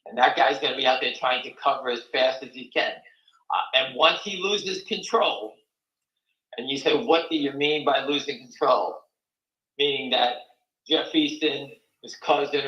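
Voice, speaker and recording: A man's voice: medium pitch, normal speed, reverberant, muffled recording. An older man hosting a live stock market talk show, blunt, folksy and rambling.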